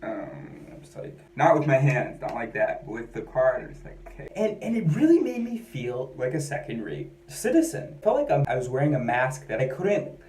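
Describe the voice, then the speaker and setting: A man's voice: medium pitch, sing-song, moderate pace, few pauses, darkish tone, slight background noise. Rambling man in an echoey room. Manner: rambling, self-questioning, candid. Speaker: vlogger. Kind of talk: personal monologue.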